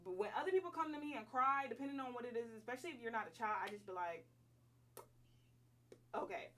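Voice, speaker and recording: A woman's voice: on the high side, expressive, rapid-fire, a bit bright, recorded from a distance, a little hiss or hum. A woman in her twenties telling a personal story at home, casual, slangy and emphatic. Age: 20s. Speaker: vlogger.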